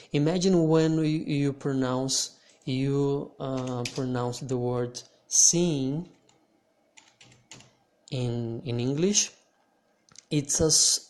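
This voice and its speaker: A man teaching pronunciation in English, patient and pausing with restarts. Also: mid-range voice. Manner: patient, hesitant restarts, repeats words for practice. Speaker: language teacher. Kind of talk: slow explanatory lesson.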